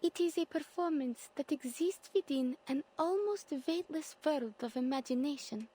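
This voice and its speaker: A woman's voice: sits high, animated, moderate pace, mellow, no room sound. An actress voicing an earnest, dreamy young female circus acrobat in a game. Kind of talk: game voice acting.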